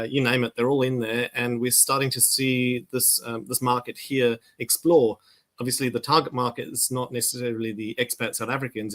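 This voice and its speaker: A man answers as a wine importer guest in a businesslike way, stopping often on filler words. His pitch stays flat and even. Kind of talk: interview answers. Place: Sydney.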